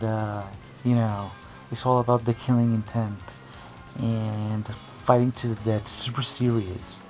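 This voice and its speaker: A man talks off the cuff in a voice of ordinary pitch with a gravelly, fry-edged texture. He rambles, restarts his sentences and wanders into asides, like a casual video commentary. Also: a little mellow. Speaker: video creator.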